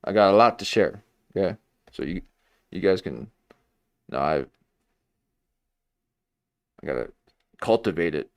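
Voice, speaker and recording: A deep-voiced man hosts a casual livestream, rambling and mocking himself as he talks. His voice sits close and dry, with no room sound around it. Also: animated, unhurried, gravelly, pauses often, dry recording. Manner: rambling, self-mocking, jumps into mock voices. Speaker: livestream host.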